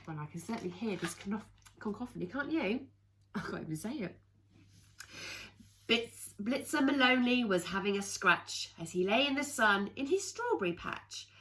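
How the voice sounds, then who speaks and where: A woman reading a rhyming picture book aloud to children, in an expressive sing-song way with playful asides. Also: mid-range voice, moderate pace. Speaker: children's storyteller.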